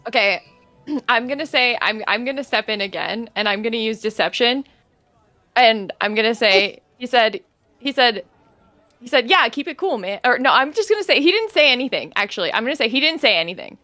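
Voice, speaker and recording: A woman playing a tabletop game, casual and quick to laugh. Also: a little high, expressive, pushed and bright, dry recording, faint music behind. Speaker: player. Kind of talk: tabletop role-play.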